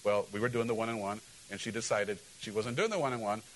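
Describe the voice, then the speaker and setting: A male pastor preaching a sermon in an animated, joking way, often asking the congregation questions. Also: on the low side, quick pace, a little hiss or hum, poor audio.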